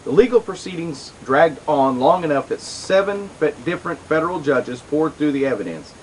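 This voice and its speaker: A man's voice: a little high, lively intonation, moderate pace, a little hiss or hum, low-quality recording. A middle-aged man hosting a comics show, rambling through casual commentary with lots of asides and restarts.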